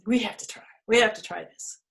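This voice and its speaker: A woman's voice: mid-range voice, fairly quick, gravelly, fairly bright tone, a little hiss or hum. A woman voicing a big, grumpy male T-Rex dinosaur in a children's storybook, talking in a growly, grumbling way.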